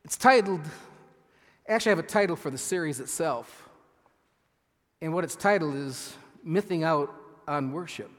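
A man preaching a sermon as pastor, earnest and halting, with frequent restarts, reading scripture slowly with emphasis. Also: on the high side, lively intonation. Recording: long hall reverb.

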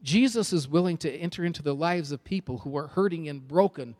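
A man's voice: a little high, a little fast, darkish tone. A man preaching a sermon with an emphatic, repetitive cadence.

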